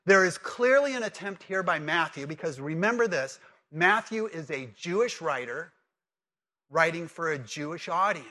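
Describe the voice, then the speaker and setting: A man's voice: a little high, lively intonation, moderate pace, pushed and bright. A man preaching a sermon, conversational and emphatic, asking the congregation questions and repeating key words. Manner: emphatic repetition. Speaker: pastor.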